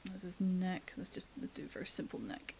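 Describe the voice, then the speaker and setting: A woman's voice: fairly low pitch, animated, fairly quick, vocal fry, darkish tone, a little hiss or hum. A woman giving a casual live-streamed drawing tutorial, chatty and thinking aloud as she sketches, laughing often, from the UK. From United Kingdom. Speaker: artist giving a drawing demo.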